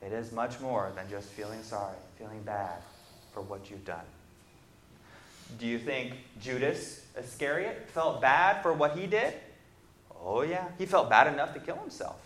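A man preaching a Bible lesson, reading scripture aloud and then explaining it, building emphatic lists and pausing on fillers as he thinks. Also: medium pitch, lively intonation, a bit bright, slight background noise. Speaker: preacher teaching on repentance. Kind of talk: Bible class sermon. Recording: echoey room.

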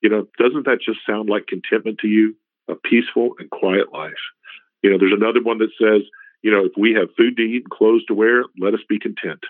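A man's voice: on the low side, steady tone, fairly quick, dry recording. A middle-aged man teaching a Bible passage in a casual, conversational way. He often repeats "you know" and restarts his phrases. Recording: tinny phone-like radio recording, dry.

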